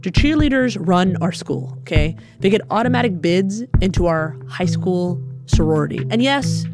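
Woman storyteller, animated, self-deprecating, lowish voice, music in background. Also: normal speed. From Alabama, USA. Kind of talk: personal story performance. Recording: music playing underneath.

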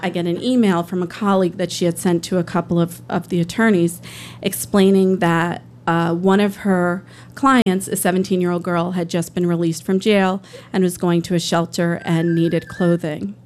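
A woman's voice: lowish voice, a little mellow, a little hiss or hum. A woman and public defender telling a personal story on stage, conversational, earnest and emotional.

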